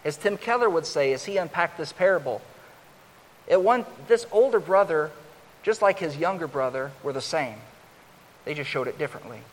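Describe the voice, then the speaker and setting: A man preaching a sermon, growing louder and higher as he acts out the older son's complaint. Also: animated, normal speed. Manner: rises loud and high when acting out the older son's complaint. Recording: long hall reverb with faint hiss.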